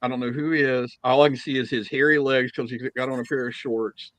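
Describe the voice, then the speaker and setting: A man co-hosting a podcast, telling a funny anecdote in a casual, lively way. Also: mid-range voice, brisk, no room sound, poor audio. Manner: animated anecdote-teller, chuckling through his story. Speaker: podcast co-host. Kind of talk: casual chat, storytelling.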